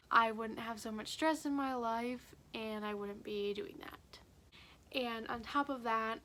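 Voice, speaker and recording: A woman's voice: on the high side, a bit bright, slight background noise. A teenage girl talking candidly to her phone camera at home in a rambling diary vlog, full of "like" fillers. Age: late teens. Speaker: vlogger. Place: at home, indoors.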